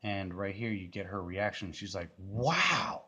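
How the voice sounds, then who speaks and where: Man, low voice, casual rambling commentary, lots of fillers. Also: level tone, normal speed, a bit bright. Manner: rambling, many fillers and restarts. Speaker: video commentator. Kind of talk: casual commentary over a music video.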